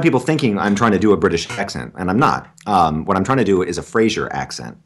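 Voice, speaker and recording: A male stage actor being interviewed, chatting in an animated, talkative, self-deprecating way. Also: sits low, fast talker, a little hiss or hum. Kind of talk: casual interview chat.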